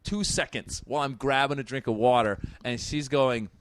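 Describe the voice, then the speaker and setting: A man's voice: medium pitch, brisk, clear, resonant tone. A man from Iran, a comedian, chatting casually on a podcast and telling a stand-up story, acting out the people he talks to. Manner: animated storyteller acting out crowd exchanges, frequent restarts. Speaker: comedian guest.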